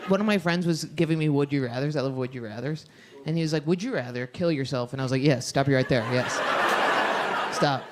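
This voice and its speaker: Low-voiced and quick, a young female comic works the crowd with crude, brash material on a club stage. Audience laughter fills the noisy live recording.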